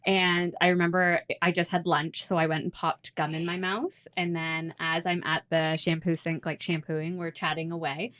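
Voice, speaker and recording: A woman's voice: lowish voice, level tone, moderate pace, few pauses, a bit bright. A woman hosting a podcast in a hair salon, talking casually with plenty of "like" and "um" fillers. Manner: chatty, many fillers like "like" and "um". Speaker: podcast host and hairstylist. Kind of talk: casual chat.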